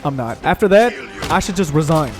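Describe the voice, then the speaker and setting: A man's voice: on the high side, animated, fairly quick, music in the background. A young man ranting profanely while playing a video game, telling a long heated story about his friends. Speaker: gaming streamer. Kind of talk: ranting commentary over gameplay.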